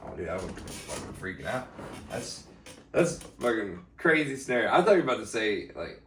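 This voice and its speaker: Low-voiced man laughing along, swearing. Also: sing-song, brisk, far from the mic. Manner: laughs a lot, swears, reacts loudly. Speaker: podcast co-host. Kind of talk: casual chat. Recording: roomy, off-mic sound.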